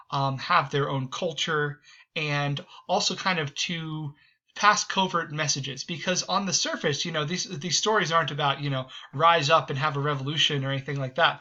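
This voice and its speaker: A man's voice: fairly high pitch, bright, forceful tone, highs cut off. A man hosting a history video, giving a casual spoken lecture with many hesitant ums and restarts.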